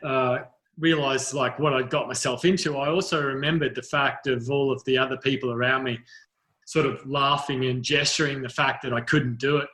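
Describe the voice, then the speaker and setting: A man's voice: medium pitch, steady tone, normal speed, pushed and bright. A middle-aged Australian man, a podcast guest, telling his story in a rambling, self-mocking way, restarting his sentences often. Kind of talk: casual storytelling in conversation.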